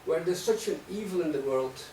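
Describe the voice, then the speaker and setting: Guy in the audience pushing a provocative question, kinda high voice, keeps saying right?, echoey room. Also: lively intonation, fairly quick, darkish tone. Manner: provocative, rhetorical, tags statements with "right?". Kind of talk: academic Q&A discussion. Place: lecture hall. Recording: echoey room, distant mic, faint noise.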